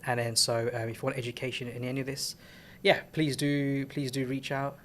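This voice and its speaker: Male podcast host, easygoing, faint rumble. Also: level tone, a little fast. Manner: warm, encouraging, many fillers. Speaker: podcast host, trading educator. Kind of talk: casual chat.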